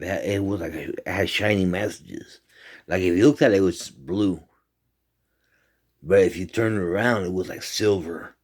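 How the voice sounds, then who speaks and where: A man with a deep, low voice recounts a bizarre dream in a loose, rambling way. He swears freely and jumps up high and loud when he acts out his own shouts. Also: breathy edge. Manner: animated, profane, rambling. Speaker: storyteller. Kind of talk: casual retelling of a dream.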